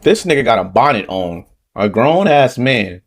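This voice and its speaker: A man's voice: mid-range voice, very animated, normal speed. A man with a Southern Californian accent hosting reaction commentary, talking heatedly and repetitively, ending points with rhetorical "okay?". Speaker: political commentary channel host.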